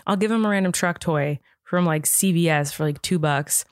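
A woman in her thirties co-hosting a podcast, telling family stories in a lively, animated way. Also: fairly low pitch, moderate pace, no echo, studio quality. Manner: animated storytelling with laughter. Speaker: podcast co-host. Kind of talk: casual chat.

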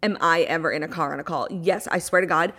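A young woman co-hosting a podcast remotely from a rented cottage, chatting casually, swearing freely and talking in quick bursts full of "like". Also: low-pitched, bright, forceful tone. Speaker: podcast co-host. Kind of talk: casual chat. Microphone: remote audio-only recording.

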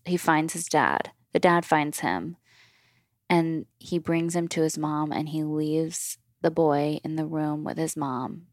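A woman in her thirties speaks in a lowish voice, telling personal stories in a frank, confessional way. It is a casual podcast chat at home, recorded dry on a close mic. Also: no echo. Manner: candid, confessional storytelling. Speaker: podcast guest.

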